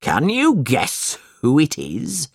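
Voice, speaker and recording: A man playing a gloating brute of a schoolmaster, barking and sneering, slow, rough-edged, storybook voice. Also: on the high side, huge pitch swings, dry recording, clean studio sound, voice pushed up, exaggerated voice. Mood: bullying. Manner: bullying, shouting.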